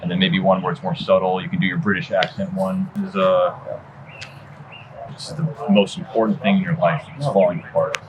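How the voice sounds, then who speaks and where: A man's voice: sits low, little pitch movement, fairly quick. Young man directing on a noisy set. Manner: encouraging, casual. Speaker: film director. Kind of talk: directing an actor.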